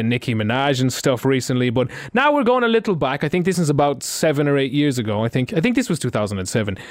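A man's voice: mid-range voice, no echo, studio quality. A man hosting a radio show, chatting casually and teasing his co-host. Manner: playful, teasing.

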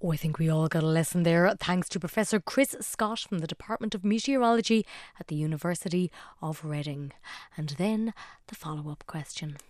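A woman presenting a radio review show with brisk, wry links between clips. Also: fairly low pitch, darkish tone, no room sound.

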